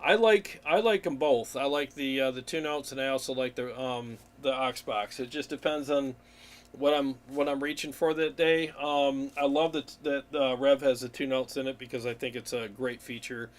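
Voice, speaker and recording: A man's voice: medium pitch, fairly even intonation, normal speed. A man hosting a live amp Q&A stream, talking casually and enthusiastically with many fillers and restarts. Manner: reads viewer comments aloud and laughs along.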